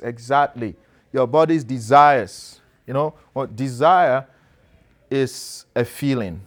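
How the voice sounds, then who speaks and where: A man preaching an interactive sermon to a class, asking questions and calling on people to read. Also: medium pitch. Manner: conversational, asks listeners questions and calls on them to read. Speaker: pastor teaching a class.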